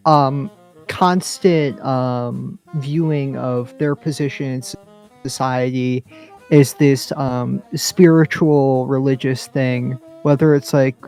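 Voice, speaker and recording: A man co-hosting a podcast in casual talk, deliberate and lecturing, with many pauses. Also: medium pitch, gravelly, a little mellow. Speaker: podcast co-host.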